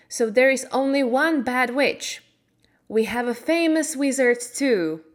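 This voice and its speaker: Kindly little old good witch in a storybook, a woman reading her, slow and gentle. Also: fairly high pitch, voice pushed up. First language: Slovak.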